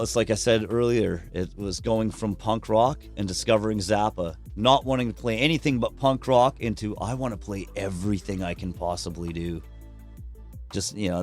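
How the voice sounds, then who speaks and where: A man talks casually as a podcast guest, swearing freely and acting out other people's lines as he tells his stories. Faint music plays underneath his voice. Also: on the low side. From Canada. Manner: candid, profane, animated storyteller who acts out quotes. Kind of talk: casual conversational storytelling.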